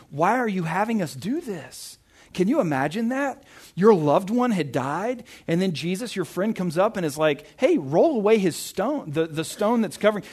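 A young pastor gives a casual, conversational sermon, reading scripture and frequently checking in with "right?" He's chatty and interrupts himself, and his voice sits on the high side with a darkish tone.

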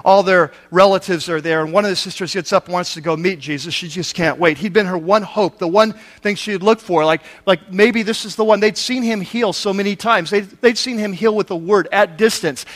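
A man's voice: high-pitched, a little fast, few pauses, fairly bright tone. A man preaching a sermon, retelling a scripture story in everyday speech with rhetorical questions to the listeners.

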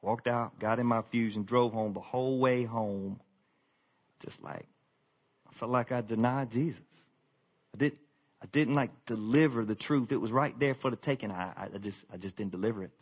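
Man, pastor, conversational sermon, candid, self-deprecating, quiet confessional asides, mid-pitched voice. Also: moderate pace, slightly rough.

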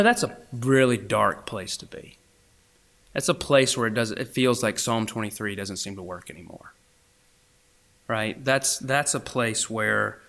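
A young man preaching a sermon, going from emphatic, raised passages down to hushed, almost whispered lines. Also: lowish voice, vocal fry. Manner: swings between emphatic and hushed, near-whispered asides. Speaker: pastor.

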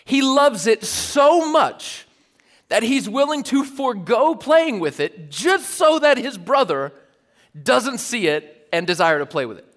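A man in his thirties preaching a casual, storytelling sermon, animated and self-amused, with lots of "like" fillers. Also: very high-pitched, measured pace. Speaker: pastor. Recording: long reverb of a large hall.

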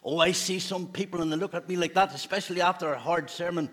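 A man's voice: high-pitched, fairly even intonation, fast, fairly bright tone, a little hiss or hum. A man, a pastor giving a playful children's talk in a church service, asking the children questions. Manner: playful, asks children questions, laughs often.

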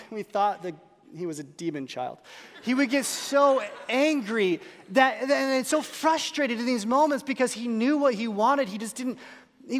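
A man in his thirties, a pastor preaching a sermon and telling self-deprecating stories about his young children. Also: very high voice. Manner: self-deprecating storytelling, lively voice changes. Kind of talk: sermon with humorous family stories. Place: church hall. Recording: long reverb of a large hall.

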